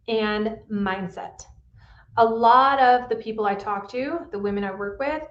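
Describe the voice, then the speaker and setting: A woman's voice: a little high, reverberant. Woman, podcast host, earnest coaching talk, slightly muffled recording. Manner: coaching, earnest, often asks "right?". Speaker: pain specialist, podcast host.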